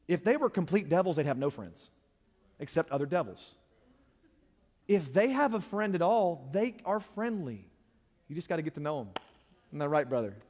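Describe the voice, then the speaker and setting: A man delivering a sermon as a pastor, direct and unsparing in how he speaks. His voice sits a touch high and rises to emphatic peaks before dropping low and quiet. The sound carries a long echo of a church hall. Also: sing-song, moderate pace, pauses often. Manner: blunt, straightforward preaching that swings from loud to hushed.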